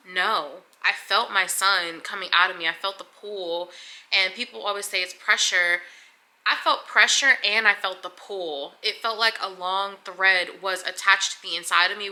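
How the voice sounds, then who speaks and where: A woman's voice: medium pitch, sharp tone. A young woman vlogger recounting a hard birth in a candid, emotional way, swearing freely and at times near tears. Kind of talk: casual confessional storytelling.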